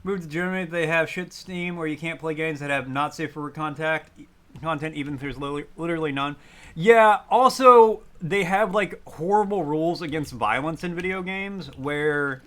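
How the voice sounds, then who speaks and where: A man's voice: a little high, moderate pace, fairly bright tone. A young man chatting casually while streaming a game, joking, rambling and reacting to chat.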